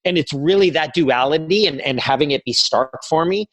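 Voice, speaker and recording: A man's voice: fairly high pitch, moderate pace, fairly bright tone, dry recording, poor audio. A man in his forties, a podcast guest, talking earnestly and reflectively, telling stories and quoting his own inner voice. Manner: earnest, reflective storytelling with quoted self-talk. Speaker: podcast guest, career coach. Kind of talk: conversational interview.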